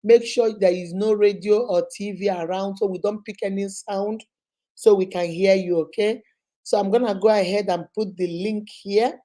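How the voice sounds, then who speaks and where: With a mid-range, mellow voice, steady in tone and at normal speed, a Nigerian woman in her thirties chats on her casual live stream. She greets viewers by name, her voice growing a little hoarse from a cold.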